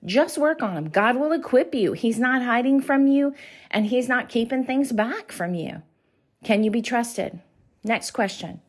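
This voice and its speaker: A middle-aged woman, a Christian business coach, giving an earnest faith-based motivational talk with slow, emphatic questions. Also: fairly high pitch, animated, slightly rough.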